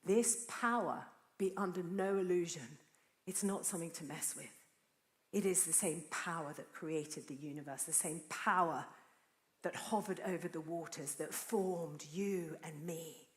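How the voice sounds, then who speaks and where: A woman preaching a sermon, telling a story in an earnest, animated way. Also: on the low side, unhurried. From Britain. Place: church. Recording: roomy church echo.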